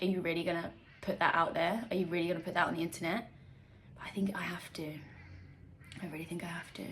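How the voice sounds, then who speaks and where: A woman's voice: lowish voice, a bit bright, slight background noise. A woman vlogger talking candidly to camera, emotional and confessional, often tearful and laughing between fillers. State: tearful at times. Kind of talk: candid personal vlog to camera.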